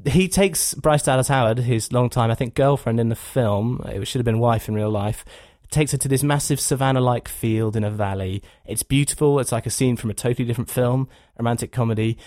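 A man's voice: medium pitch, a little fast, few pauses, a little mellow, dry recording, studio quality. A man hosting a podcast, chatting casually and with a wry, joking manner. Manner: wry and jokey. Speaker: podcast host. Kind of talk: casual chat.

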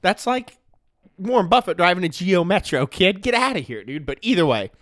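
Brief: young male sports-talk host, mid-high voice, loose jokey rant, dry close sound. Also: normal speed, no room sound. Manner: animated, jokey, slangy with lots of "man" and "dude". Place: at home in front of his computer.

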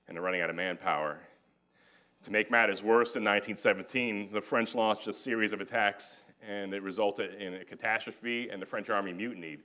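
A man's voice: lowish voice, fairly bright tone. A man giving a military history lecture to a live audience, talking conversationally with joking asides and casual paraphrases of historical figures. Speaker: guest lecturer.

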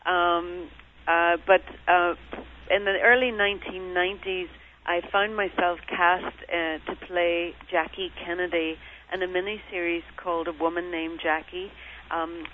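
A middle-aged woman from Northern Ireland with a softened Northern Irish accent, chatting as an interview guest with many fillers. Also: fairly low pitch, steady tone, a little slow, a little hiss or hum. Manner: warm and chatty, with frequent fillers. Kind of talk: interview on a phone line. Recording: tinny phone line.

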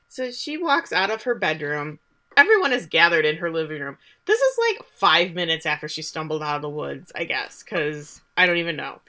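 A young adult woman co-hosting a podcast, recapping a show in a casual, sarcastic chat full of quick asides. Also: low-pitched, very animated, sharp tone.

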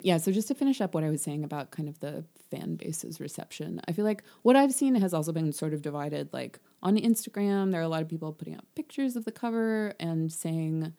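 A young woman co-hosts a casual book podcast, talking in a low, mellow voice. She rambles a little, fills pauses with ums and laughs easily as she chats. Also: lively intonation. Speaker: podcast co-host.

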